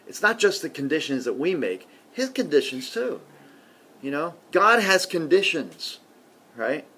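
A man with a medium-pitched voice preaches a sermon conversationally, often slipping in "see" and "okay." He swings between loud emphasis and quiet murmurs.

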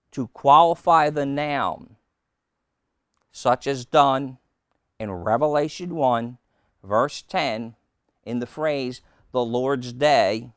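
A male preacher teaching a sermon, slow and emphatic, with sudden loud stresses on key words. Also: medium pitch, clear, resonant tone, no echo, clean studio sound. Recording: old taped sermon.

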